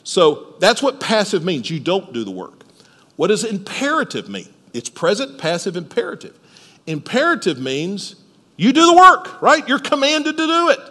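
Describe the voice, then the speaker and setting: Male pastor preaching, questions the congregation, widely varied pitch. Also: huge pitch swings, moderate pace, pushed and bright, in a large hall. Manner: explains step by step, asks the listeners questions. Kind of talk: sermon. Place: church service.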